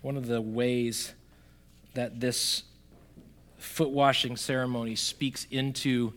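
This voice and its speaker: A man preaching a sermon, talking straight to the congregation, swinging from loud emphatic bursts to quiet, soft lines. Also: medium pitch, flat delivery, takes it slowly. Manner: conversational, addresses the congregation directly. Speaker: pastor.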